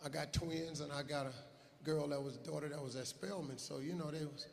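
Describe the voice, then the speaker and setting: A middle-aged man doing stand-up comedy on a live stage, telling stories in a loud, profane way and often shouting. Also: fairly high pitch, fairly even intonation, a little fast, gravelly, slight background noise.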